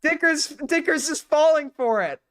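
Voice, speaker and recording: A man doing heated live commentary on a clip, mocking and excitable, sometimes breaking into loud rants. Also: very high-pitched, normal speed. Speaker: commentary streamer reacting to a clip.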